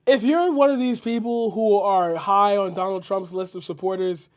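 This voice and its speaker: A man's voice: sits high, moderate pace. A man streaming his reaction to a video, ranting with heavy swearing and repetition. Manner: profane, heated, repetitive rant. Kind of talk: angry ranting commentary.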